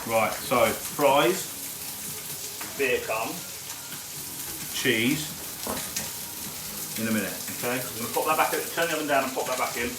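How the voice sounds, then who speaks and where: A man's voice: medium pitch, a little slow, pauses often, noisy background. Chatty man hosting a live cook-along. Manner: chatty, greets viewers by name while cooking. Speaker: cooking show host. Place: home kitchen. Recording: echoey kitchen with frying sizzle.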